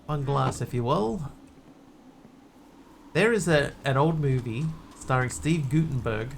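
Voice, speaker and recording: A man's voice: medium pitch, expressive, measured pace, gravelly, a little hiss or hum. A man streaming a game, chatting casually in a rambling, wry way. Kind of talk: casual gameplay chat.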